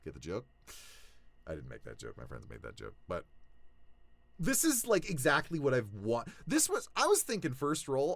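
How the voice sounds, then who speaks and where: A young male voice actor talking casually to his viewers, animated, swinging between low mutters and excited shouts. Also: normal speed, no echo. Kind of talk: casual vlog talk.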